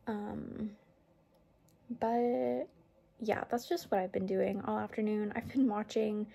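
Young female vlogger, relaxed chat, gravelly husky tone. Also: medium pitch, slow pace. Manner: relaxed, chatty, laughs easily. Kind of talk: casual vlog chat. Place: home kitchen.

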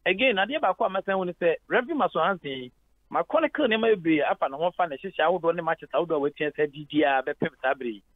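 Rapid-fire and animated, a head of sport with a Ghanaian accent and fairly high pitch delivers sports analysis by phone to a radio show. The line sounds tinny with no room sound, and he explains at length in Twi laced with English.

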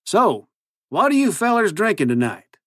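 A man doing a small-town mayor who fancies himself a cowboy. He drawls his words slowly in a raised, earnest voice, and the recording is dry and close. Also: high-pitched, sing-song, a bit bright, dry recording, pitched above the performer's own voice, full character voice. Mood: folksy. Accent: put-on Western cowboy drawl.

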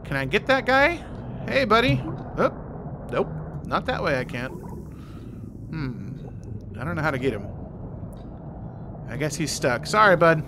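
A man's voice: a little high, sing-song, slow, pauses often, noisy background. A man hosting a gaming channel, giving playful let's play commentary and chatting to the game characters. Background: game music.

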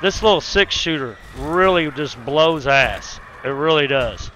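A man giving casual let's play commentary while fighting a zombie horde, with loud cursing exclamations and folksy grammar. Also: fairly high pitch, animated, measured pace, a little hiss or hum. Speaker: gaming YouTuber.

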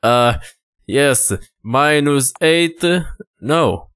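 A man's voice: mid-range voice, expressive, very slow, fairly bright tone, smooth, dry recording, studio quality. A man casually commenting while he plays a game, muttering and swearing in loose reactions. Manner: laid-back, swears often, mutters reactions. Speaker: gaming channel host. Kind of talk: casual let's play commentary.

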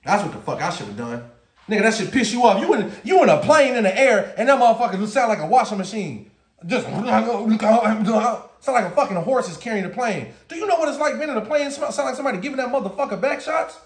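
Ranting quickly with plenty of profanity and animation, a man relates a storytime vlog story and keeps breaking into laughter. His voice is high for a man, and the echoey room adds noticeable reverb.

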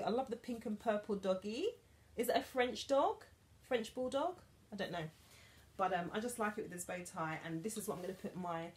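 A woman's voice: medium pitch, a little mellow. A woman, chatting casually through a shopping haul with giggly, emotional asides. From England. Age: 30s. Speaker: vlogger.

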